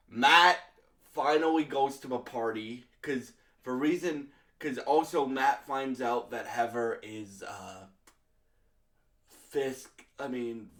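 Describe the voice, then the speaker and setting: A man's voice: medium pitch, fairly bright tone. A young man from Canada giving a casual, rambling video review full of fillers. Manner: rambling, lots of fillers and restarts. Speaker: show reviewer.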